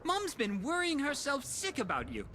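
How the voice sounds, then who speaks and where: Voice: high voice, wildly swooping pitch, moderate pace, bright, forceful tone, full character voice. An actor voicing a cheerful young male gnome in a game, speaking eagerly to his uncle, with faint ambient noise behind. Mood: chirpy.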